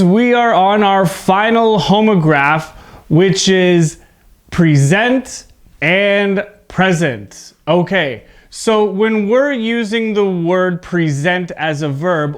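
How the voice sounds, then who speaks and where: Slow, high-voiced male English teacher. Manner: slow, clear, encouraging teaching delivery. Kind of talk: ESL pronunciation lesson.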